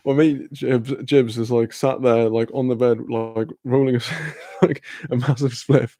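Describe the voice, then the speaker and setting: A man's voice: medium pitch, steady tone, a little slow, mellow, no room sound, studio quality. A young man streaming, telling a rambling, sweary story with lots of fillers and laughs. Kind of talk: casual storytelling chat.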